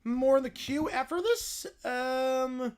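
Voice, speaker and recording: A woman hosting a livestream, chatting casually, laughing a lot and reacting loudly. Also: sits high, unhurried. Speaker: livestream host.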